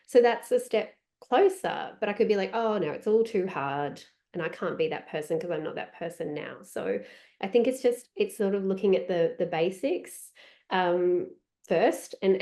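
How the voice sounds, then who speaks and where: Woman guest on a podcast, warm mellow tone, chatty, talks things through out loud. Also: mid-range voice. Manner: chatty and reflective, quoting herself. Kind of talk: conversational podcast interview.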